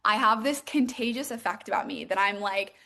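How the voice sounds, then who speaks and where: A young woman coaching on a live stream, bubbly and excitable, peppering her talk with "like.". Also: medium pitch, a little fast, vocal fry. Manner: bubbly and excitable, heavy use of "like". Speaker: manifestation and mindset coach.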